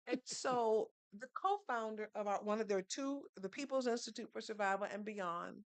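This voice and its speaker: This woman appears as a guest on a podcast, recounting her story in a sincere, instructive manner and posing rhetorical questions along the way. Her voice sits fairly high and moves at a moderate pace, clear in tone with no room echo, in a conversational storytelling style.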